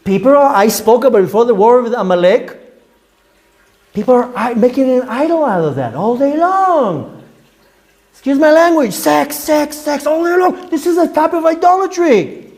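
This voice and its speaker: Man, rabbi, fiery sermon, very high voice, rebuking, rhetorical questions, loud-then-hushed delivery. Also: expressive, moderate pace. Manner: fiery, rebuking, swings between shouts and hushed tones; repeats words for emphasis, asks rhetorical questions. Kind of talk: impassioned sermon.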